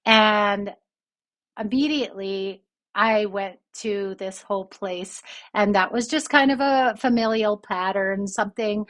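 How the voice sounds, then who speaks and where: A woman's voice: mid-range voice, a little slow, fairly bright tone. A woman who hosts a podcast and works as a relationship coach, telling a personal story in a candid, reflective and self-critical way.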